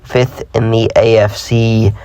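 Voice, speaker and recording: A man's voice: on the low side, level tone, takes it slowly, warm tone, clean tone, no echo. Chatty young man, dry voice-over. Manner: chatty, self-deprecating, stumbles over words. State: slightly sick. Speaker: gaming channel host. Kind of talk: casual sports-sim commentary.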